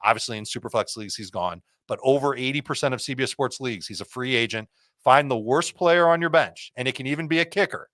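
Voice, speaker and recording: A man giving quick, confident fantasy football start and sit advice, rattling off picks one after another. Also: mid-range voice, fairly bright tone, no echo.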